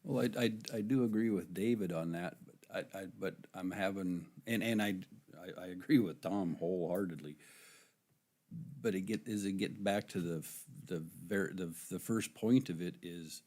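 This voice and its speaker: A man's voice: sits low, moderate pace, darkish tone. A man at a county meeting stumbling over his words, repeating himself as he tries to make a point. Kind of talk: public meeting discussion.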